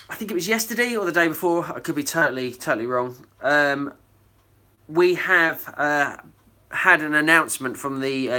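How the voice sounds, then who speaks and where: Middle-aged host, bright forward voice, loose chatty live-stream delivery. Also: male voice, a little high. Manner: chatty, reads out viewer comments, rambling with fillers. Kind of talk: casual live-stream chat.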